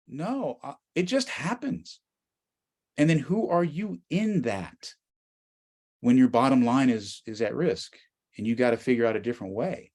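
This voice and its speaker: A middle-aged American guest speaker from the United States tells stories with animation, shifting from quiet asides to almost shouting. He speaks at medium pitch and an unhurried pace.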